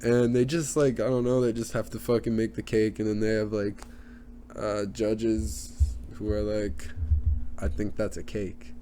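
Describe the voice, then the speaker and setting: A young man rants on his solo podcast in a lowish, flat, unhurried voice with a mellow tone, and there's a little hiss or hum in the recording. It's a casual rant that rambles, gets crude, and is packed with fillers and put-on voices.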